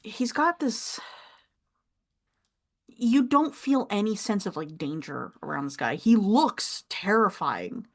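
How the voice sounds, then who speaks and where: A young adult woman narrating as game master, describing scenes with pauses and easy laughs. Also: medium pitch, sing-song.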